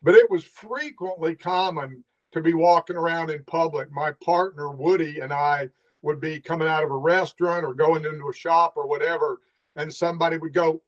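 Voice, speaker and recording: A man's voice: on the high side, moderate pace. Middle-aged man telling cop stories. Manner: animated storyteller, acts out the dialogue. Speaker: guest, former police officer. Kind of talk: casual storytelling interview. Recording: dull lo-fi sound.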